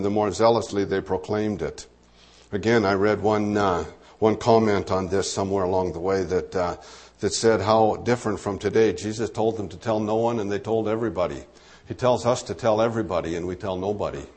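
A man's voice: lowish voice, darkish tone. Man teaching a Bible passage. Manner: conversational, with asides and fillers. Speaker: preacher.

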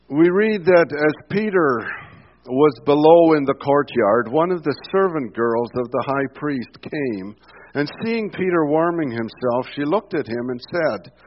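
A man's voice: mid-range voice, dull audio. A man preaching a sermon in a conversational way, stepping from scripture into personal asides. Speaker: pastor.

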